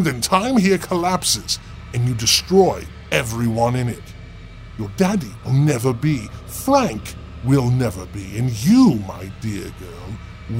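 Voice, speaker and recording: A man playing a grand, mysterious librarian. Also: a little high. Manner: grave, measured and theatrical. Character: mysterious, self-assured male librarian, grandiose mentor. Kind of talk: audio drama acting.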